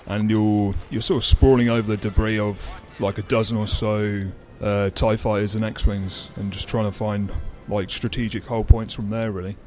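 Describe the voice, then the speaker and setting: Rilassato co-conduttore, voce grave. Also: male voice, fairly low pitch, level tone, normal speed, hardly any pauses, a little mellow, soft background music. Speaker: co-host. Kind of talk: casual gaming chat.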